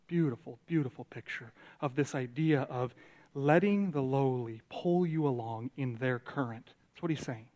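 A man's voice: mid-range voice, moderate pace, dark tone. A man in his thirties, a pastor, preaching a conversational sermon to a room of listeners and acting out the quotes he tells. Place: church sanctuary.

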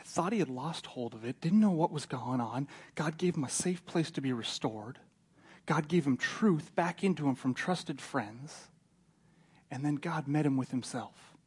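Husky-voiced pastor preaching animatedly. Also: male voice, mid-range voice. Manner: animated storytelling, voicing characters, swinging from loud to hushed. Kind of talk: sermon.

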